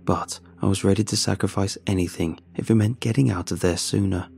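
A man telling a horror story in first person, in a measured and grim scripted narration. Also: sits low, steady tone, gravelly, a little mellow. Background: faint music.

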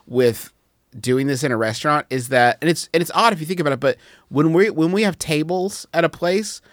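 A man's voice: fairly high pitch, fairly quick, no room sound, clean studio sound. A man hosting a comedic advice podcast, reading listener letters in a rambling, self-mocking way. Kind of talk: casual comedic chat.

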